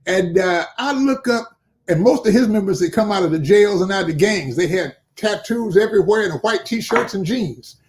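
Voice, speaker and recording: An older man with a somewhat high voice, speaking as a guest bishop in an interview. He tells his story with animation and brings its characters to life by voicing their lines himself. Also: moderate pace. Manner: animated storyteller who acts out quoted dialogue.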